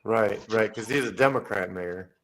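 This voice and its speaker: A man's voice: fairly low pitch, moderate pace, a bit bright, low-quality recording. A man co-hosting a casual podcast, dropping short, dry, sarcastic comments. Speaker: podcast co-host. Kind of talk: casual political chat.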